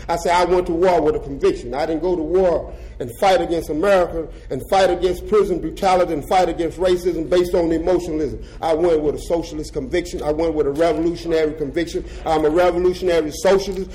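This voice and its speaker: An older man giving an impassioned rally speech in colloquial, folksy phrasing, moving between shouted slogans and quiet reflection. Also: fairly high pitch, steady tone, fast, few pauses, poor audio. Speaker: activist speaker.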